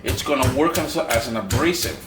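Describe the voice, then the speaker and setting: A man's voice: mid-range voice, expressive, a little fast, very noisy. Chatty Caribbean man in echoey kitchen. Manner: chatty, playful asides to viewers. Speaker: cooking show host. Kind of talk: cooking demonstration. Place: home kitchen. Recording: echoey kitchen with utensil clatter. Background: clinking dishes and cutlery.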